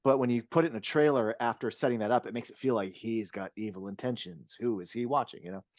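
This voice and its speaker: A man's voice: medium pitch, quick pace, dry recording. A man co-hosts a casual film podcast, his voice dry and close with no room around it. He rambles through his points with frequent restarts and drops a curse word now and then. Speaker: podcast co-host.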